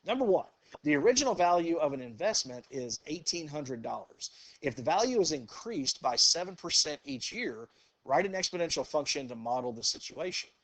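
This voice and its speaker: A teacher with a slightly high voice, calling out "okay" often. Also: male voice, fairly quick, dry recording. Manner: relaxed, says "okay" and "go ahead" often, quizzes the class. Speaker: math teacher. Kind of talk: classroom lecture. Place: classroom with students.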